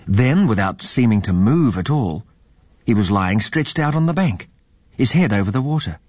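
A man reading a children's story aloud in a lively, expressive way. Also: lowish voice, moderate pace, no echo.

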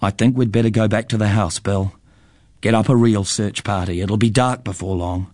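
A man doing a gruff stern farm dad. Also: on the high side, expressive, unhurried, no echo, clean studio sound. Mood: steady. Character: gruff farming father, blunt and stern.

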